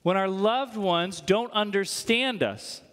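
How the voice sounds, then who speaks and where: This is a pastor delivering a sermon in a high, light voice. He keeps it conversational and jokey, and often tosses in "right?" to the congregation. His voice rings out with a long hall echo from the church around him. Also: expressive, slow pace, fairly bright tone.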